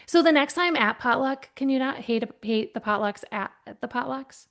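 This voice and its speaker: Lively woman telling workplace stories. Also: high-pitched, moderate pace. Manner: lively, acts out voices in her anecdotes. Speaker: guest, keynote speaker. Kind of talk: animated storytelling in conversation.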